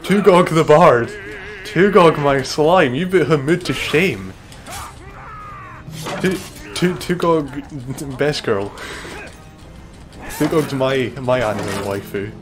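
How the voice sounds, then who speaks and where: A young man streaming a video game, excitable and sweary, bickering with his co-op partner and exclaiming at the action. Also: medium pitch, slow, long pauses. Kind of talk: live gaming stream banter. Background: game music.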